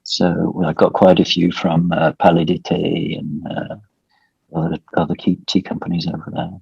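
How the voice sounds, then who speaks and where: Guest, male, deep and husky, wry dry delivery, dull lo-fi call audio. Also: completely flat delivery, moderate pace, darkish tone, dry recording. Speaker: guest, tea company co-owner. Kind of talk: casual interview chat.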